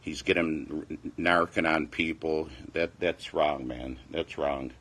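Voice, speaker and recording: A man's voice: a bass voice, steady tone, slow, a bit bright. A man in his forties, a fitness vlogger, chatting casually and rambling defensively, repeating himself. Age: 40s. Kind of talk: casual livestream chat.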